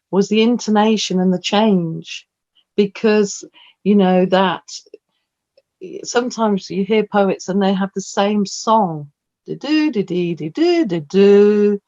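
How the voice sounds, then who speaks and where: Over a video call with dull, lo-fi sound, a woman with a medium-pitched voice talks casually about performing poetry. As the featured poet in this Q&A, she rambles and tells stories with animation, and the recording is dry.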